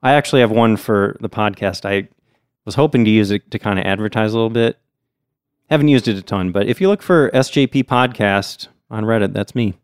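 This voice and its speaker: A man's voice: fairly low pitch, a little fast, clear, resonant tone, no room sound, clean studio sound. A man hosting a podcast in casual chat, talking in a friendly, chatty way. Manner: friendly, chatty, hedging with fillers. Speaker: podcast host.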